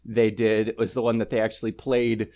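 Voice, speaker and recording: A man's voice: fairly low pitch, monotone, normal speed, a little mellow, dull audio. A man hosting a sports podcast, talking in a joking, blunt and cheerfully cynical way. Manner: jokey, blunt, mock-cynical. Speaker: podcast host. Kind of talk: casual chat.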